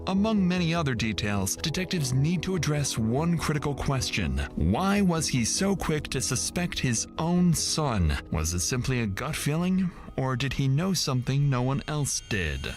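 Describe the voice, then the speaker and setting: A man reads scripted true-crime narration with a measured, suspenseful pace. His pitch rises and falls expressively as he poses questions. Music plays clearly underneath. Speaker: documentary narrator.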